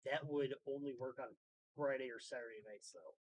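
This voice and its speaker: A man chatting casually on a stream, relaxed and thinking aloud. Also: medium pitch, fairly quick, rough recording. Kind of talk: casual chat.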